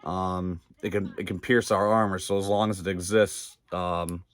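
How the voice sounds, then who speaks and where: Low-voiced male reviewer, loose and profane, lots of fillers, dry close mic. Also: little pitch movement, moderate pace, no room sound. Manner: rambling, profane, filler-heavy, laughs often. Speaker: video reviewer. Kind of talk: casual episode recap.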